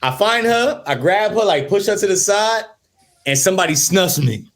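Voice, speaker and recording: Animated high-voiced man telling stories. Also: moderate pace. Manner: animated, laughing while recounting. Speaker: podcast guest. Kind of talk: casual storytelling.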